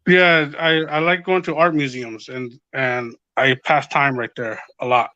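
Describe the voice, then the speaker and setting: Bright-voiced man, rambling casual chat. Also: mid-range voice, fairly even intonation, a little slow, no room sound, lo-fi sound. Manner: rambling, profane, retells quotes. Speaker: podcast guest.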